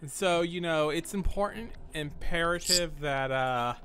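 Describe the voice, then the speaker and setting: A man's voice: fairly high pitch, unhurried, fairly bright tone, slight background noise. A man narrating a horror game playthrough, joking and self-mocking as he talks to the characters on screen. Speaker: game host playing a horror game. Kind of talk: let's play commentary.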